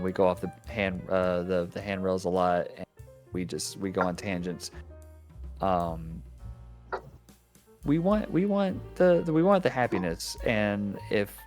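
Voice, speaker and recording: A low-voiced man hosting a relaxed tabletop podcast, rambling through his thoughts with frequent restarts. Faint music plays behind him. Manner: rambling, restarting, laughing often. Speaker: host and game master. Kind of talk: casual podcast chat.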